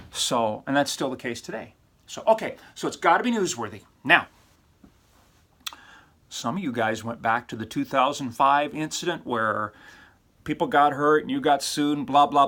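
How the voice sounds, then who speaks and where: Over-animated man lecturing with a lively voice. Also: high-pitched. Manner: over-animated, breaks into exaggerated silly voices; emphatic and teasing, with rhetorical questions. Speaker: college communications professor. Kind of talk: recorded feedback lecture to students.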